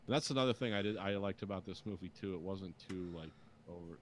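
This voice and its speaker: Low-voiced wry man chatting on a podcast. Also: brisk, pauses often, background noise. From United States. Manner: dry, wry asides. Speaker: podcast co-host. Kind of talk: casual chat.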